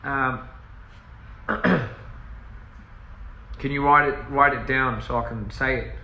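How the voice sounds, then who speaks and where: A man's voice: mid-range voice, steady tone, slow, bright, forceful tone. A young man chatting casually on a livestream from his house, rambling, easily sidetracked and laughing often. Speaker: musician streaming live to fans. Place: house, indoors. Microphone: phone. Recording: echoey room, faint ambient noise.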